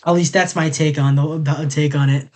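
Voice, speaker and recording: A man's voice: a little high, fairly even intonation, fairly quick. A man streaming a casual chat, rambling and joking with many restarts and frequent laughs, from the southern United States.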